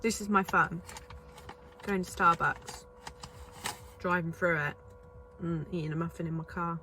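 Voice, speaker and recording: A woman's voice: fairly low pitch, fairly even intonation, a little slow, pushed and bright, slight background noise. A woman chatting casually in a vlog from inside a car, filling her talk with "like" and dry, self-mocking asides. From England. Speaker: beauty student reviewing lipstick.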